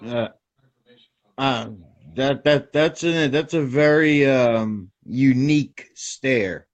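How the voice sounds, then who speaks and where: A man's voice: medium pitch, slow, lo-fi sound. A man co-hosting a podcast, reacting briefly and asking hesitant questions. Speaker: podcast co-host. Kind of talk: casual podcast chat.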